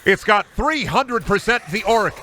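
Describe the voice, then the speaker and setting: Guy streaming a game, swears a lot, laughs and groans at chat, pitch jumping all over. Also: animated, bright, forceful tone, slight background noise. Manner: joking, profane, quick to laugh, exasperated. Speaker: gaming streamer. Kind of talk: livestream commentary while playing and reading chat.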